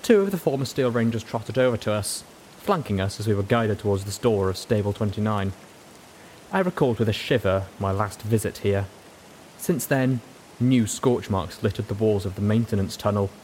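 A man reads a story aloud in a measured, dramatic way. His voice is a little low. A faint hiss and soft rain sit under the narration. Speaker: audiobook narrator. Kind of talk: scripted narration.

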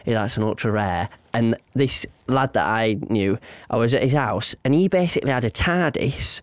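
A young man, co-hosting a podcast, telling childhood stories in an animated, laughing way. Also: mid-range voice, moderate pace, dry recording, studio quality. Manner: animated, laughs often, playful storyteller. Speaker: podcast co-host. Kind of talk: casual storytelling chat.

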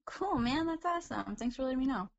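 A woman calls in to a relaxed podcast, her voice high and animated. She answers with quick, upbeat thanks and short replies. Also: creaky, highs cut off, a crowd in the background. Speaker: caller. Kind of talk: casual chat.

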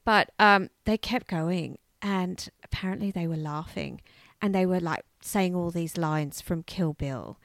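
A woman co-hosting a casual true-crime chat, telling the story in a chatty, animated way. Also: on the low side, measured pace, dry recording, clean studio sound. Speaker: podcast co-host.

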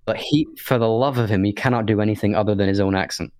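Low-voiced podcast guy rambling, lots of ums and restarts, dry close sound. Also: steady tone, quick pace, a little mellow, no room sound. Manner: rambling, thinks aloud with many restarts and fillers. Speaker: podcast co-host. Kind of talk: casual chat.

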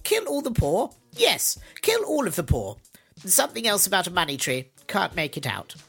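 A man doing an impression of an elderly queen, halting and plummy as if reading a speech aloud. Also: high voice, huge pitch swings, vocal fry, fairly bright tone, husky, soft background music, heavily acted. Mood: regal. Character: elderly queen, stiff and regal.

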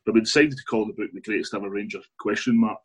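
A Scottish man with a lowish, husky voice spins a football yarn as an interview guest. He talks in a relaxed, anecdotal way, laughs often, and keeps restarting his sentences. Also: fast talker, low-quality recording. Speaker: author and guest. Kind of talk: casual interview storytelling.

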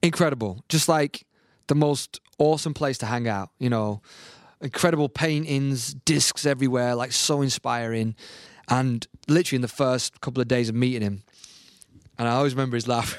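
A man, a podcast guest telling a story in a casual, animated way and jumping into other people's voices. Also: normal speed, no room sound, clean studio sound. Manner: animated, mimics voices with big pitch jumps.

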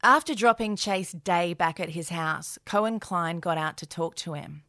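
A woman's voice: lowish voice, normal speed, pushed and bright, no room sound. A woman co-hosting a true crime podcast, reading narration and adding dry, sardonic asides. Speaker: podcast co-host.

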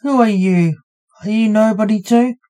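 A woman reading the lines of a gruff, awkward male guard who is the hero's father, in a short story. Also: medium pitch, normal speed, mellow, pitched above the performer's own voice, close to an everyday voice.

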